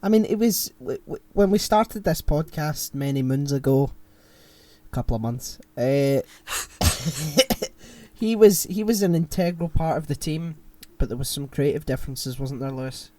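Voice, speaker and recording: A man's voice: on the high side, a little slow, mellow. A young man co-hosting a podcast, joking and laughing often in casual chat. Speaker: podcast co-host.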